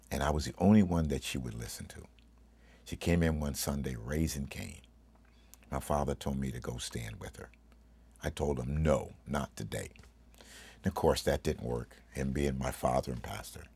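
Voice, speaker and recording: A man's voice: very deep voice, a little mellow, husky, dry recording. A middle-aged man, a pastor, giving a heartfelt personal testimony with emphatic, preacherly delivery that turns emotional and tearful.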